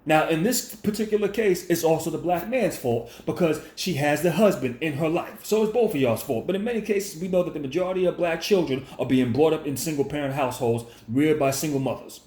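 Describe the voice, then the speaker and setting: A man's voice: fairly high pitch, a little fast, hardly any pauses, a little mellow. A man delivering a confrontational, preachy commentary monologue, repeating his points and lecturing the listener. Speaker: commentary vlogger. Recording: echoey room.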